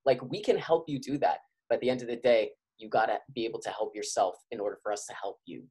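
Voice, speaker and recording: A man's voice: mid-range voice, animated, fast, a little mellow, slightly rough. A man who works as a physical therapist, speaking urgently and passionately as a guest on a podcast and calling out to his listeners as y'all. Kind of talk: podcast interview.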